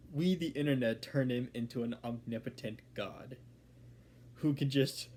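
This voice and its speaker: A man casually reviewing an animated film, rambling with self-corrections and chuckling. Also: medium pitch. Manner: rambling, fillers and restarts, chuckling.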